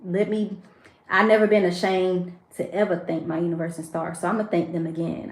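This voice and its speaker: A woman's voice: fairly low pitch, steady tone, fairly quick, roomy sound. A woman reading tarot for her viewers, emotional and preachy, addressing them directly. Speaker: tarot reader. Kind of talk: spiritual tarot livestream.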